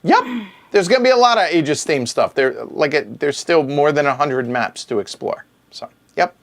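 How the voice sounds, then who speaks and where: A man's voice: fairly high pitch, expressive, normal speed. A man hosting a livestream Q&A, reading viewer questions from the chat aloud and answering them with joking asides. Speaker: board game show host. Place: home streaming room.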